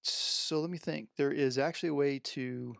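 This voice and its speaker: A man's voice: medium pitch, fairly even intonation, normal speed, gravelly, a bit bright, no echo, clean studio sound. Rambling man thinking aloud over gear. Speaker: streamer unboxing music gear. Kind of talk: unscripted live stream chat. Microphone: headset microphone.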